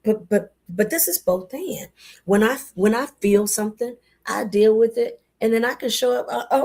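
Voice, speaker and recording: A woman giving a casual spoken affirmation talk in a folksy, animated way, calling listeners baby and y'all. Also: a little high, moderate pace. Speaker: motivational speaker.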